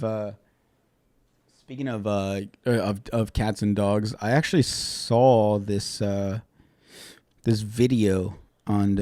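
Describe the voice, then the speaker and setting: A man's voice: fairly low pitch, no room sound, studio quality. A man hosting a podcast in casual chat, rambling and swearing often, with lots of fillers. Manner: rambling and profane, with many fillers; grows loud and animated when retelling something funny. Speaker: podcast host.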